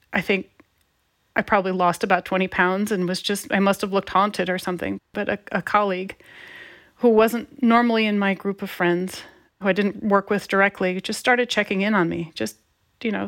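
A woman guest telling a personal story in a reflective, heartfelt way, pausing and restarting as she thinks. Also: medium pitch. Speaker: guest, advice columnist.

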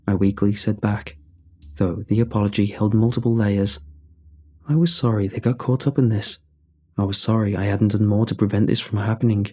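A man narrating a scripted horror story in a measured, somber way. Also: lowish voice, lively intonation, mellow, husky.

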